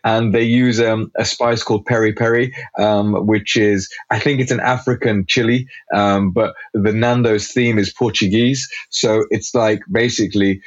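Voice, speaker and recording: A man chatting as a guest on a podcast, animated and talkative, with lots of fillers and restarts. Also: fairly low pitch, moderate pace, few pauses, no room sound, lo-fi sound. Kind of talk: casual podcast chat.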